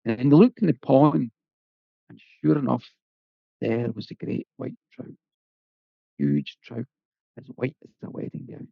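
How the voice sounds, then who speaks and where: A man's voice: mid-range voice, measured pace, gravelly, pauses often, no echo. A man telling a folk tale in a lilting, conversational way with folksy asides. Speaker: storyteller. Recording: dull lo-fi, dry.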